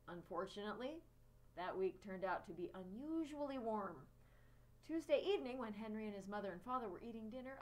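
A woman reading a children's chapter book aloud, expressive. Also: on the high side, poor audio. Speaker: storyteller.

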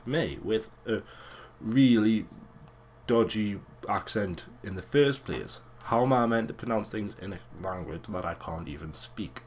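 A young man giving casual, crude and excitable commentary over a video game. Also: fairly low pitch, measured pace, husky. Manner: crude, swearing, excitable and joking. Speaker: let's play gamer.

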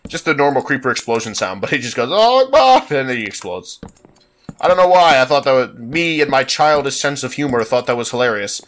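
A man's voice: mid-range voice, fast, few pauses, a bit bright. A man with a congested, sinus-stuffed voice giving rambling, self-mocking let's play commentary at a desktop microphone. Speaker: gaming YouTuber.

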